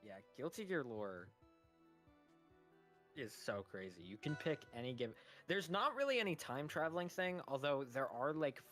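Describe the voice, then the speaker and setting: Man, mid-pitched voice, nerdy lore explainer, casual stream chat, clear game music behind. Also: very animated, moderate pace, fairly bright tone.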